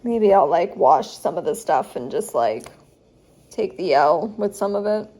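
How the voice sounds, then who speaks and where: A woman's voice: fairly low pitch, expressive, unhurried, darkish tone. A young woman, a student vlogger, telling a rambling story in a casual storytime vlog at home, chatty and full of fillers, sounding tired. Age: young adult.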